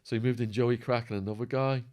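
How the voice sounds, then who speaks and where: A man telling prison stories as a podcast guest, acting out quotes and laughing, his voice going hoarse. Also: medium pitch, fast. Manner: animated storyteller, acts out quotes, laughs. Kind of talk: storytelling interview.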